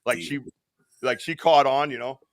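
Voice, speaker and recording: A man's voice: medium pitch, normal speed, no room sound, studio quality. A man hosting a live podcast, chatting casually in a rambling way, swearing and laughing at his own stories. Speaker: podcast host. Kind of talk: casual live-stream chat.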